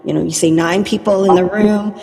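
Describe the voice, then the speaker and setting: A woman hosts a podcast and affirms her guest, reflecting on and summarizing what was said. Her tone is mellow and dark, with a long reverb on the recording. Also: mid-range voice, steady tone, fairly quick, gravelly. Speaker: podcast host. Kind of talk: conversational podcast interview.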